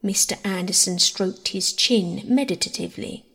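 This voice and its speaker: A woman narrating a classic novel in an even, unhurried reading. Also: mid-range voice. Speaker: audiobook narrator. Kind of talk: scripted narration. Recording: husky voice in long reverb.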